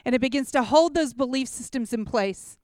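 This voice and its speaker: A woman giving a chatty, animated personal testimony to a gathering, often checking in with listeners. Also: high-pitched, a little fast, no echo, studio quality. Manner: chatty, animated storytelling with props. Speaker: speaker at a church gathering.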